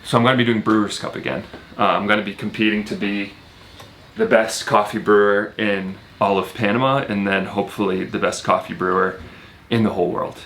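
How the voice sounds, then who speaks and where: Lower-voiced young man, earnest vlog talk. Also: steady tone, a little fast, a bit bright, slight background noise. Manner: earnest and reflective, then joking. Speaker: vlogger building a home.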